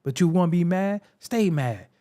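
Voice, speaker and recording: A man's voice: sits high, expressive, normal speed, mellow. A man hosting a solo hip-hop commentary show, talking bluntly and profanely, with a confrontational, preaching manner. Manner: repetitive, preaching.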